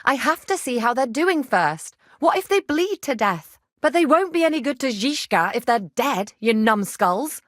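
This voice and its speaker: A woman's voice: medium pitch, moderate pace, no echo, clean studio sound, natural voice. A woman playing a feisty young herbalist healer. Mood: angry.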